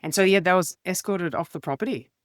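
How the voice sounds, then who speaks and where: A woman's voice: fairly low pitch, quick pace, no echo, clean studio sound. A woman, a comedian guest telling a story animatedly and acting out the quotes in an interview. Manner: animated, acts out quotes in changing voices. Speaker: guest, comedian and communication expert.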